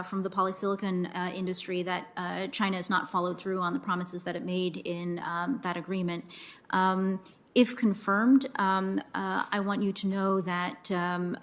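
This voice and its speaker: A woman nominee answering senators at a confirmation hearing, halting, with many ums and uhs. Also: mid-range voice. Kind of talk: formal hearing testimony.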